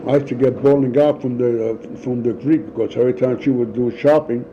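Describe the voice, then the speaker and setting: This older man talks fairly quickly with a medium-pitched voice as he tells stories in an interview. He brings the people in them to life by acting out their voices and laughs often. The audio is a dull lo-fi home recording with some faint noise.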